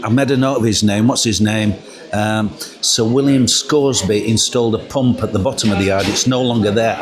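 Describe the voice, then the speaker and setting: Chatty low-voiced man vlogging outdoors. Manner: chatty, jokey, rambling with ums. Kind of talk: casual walking vlog. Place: outdoors, windy steps and narrow yards. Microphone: camera mic with windshield.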